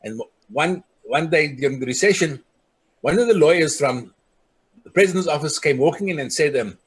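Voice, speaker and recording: A man's voice: lively intonation, moderate pace, slightly rough. A community leader speaking earnestly, recounting his people's hardships and acting out the voices of those he quotes. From South Africa. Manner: earnest, acts out the voices of people he quotes, drops soft and low on grave points. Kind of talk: personal storytelling speech.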